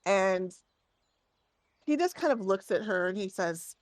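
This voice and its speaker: A woman's voice: medium pitch, animated, measured pace, no room sound. A woman narrating a tabletop game as game master, with casual storytelling and many fillers.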